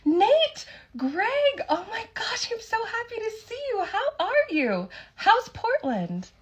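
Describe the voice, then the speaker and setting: A woman's voice: mid-range voice, a little fast, creaky. A woman voicing an overly friendly young waitress who gushes in a sing-song way. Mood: gushing. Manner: gushing, sing-song excitement.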